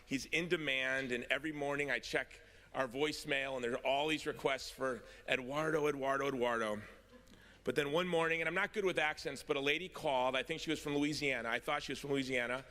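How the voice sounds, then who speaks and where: In a convention hall with long reverb, a man gives a storytelling speech full of self-mocking humor. His mid-range voice is steady and sharp, and he speaks briskly.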